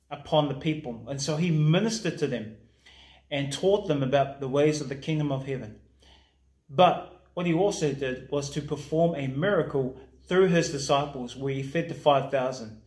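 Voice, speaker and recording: A man pastor giving a recorded sermon in a warm, conversational preaching manner that drops soft in prayer. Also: fairly high pitch, echoey room.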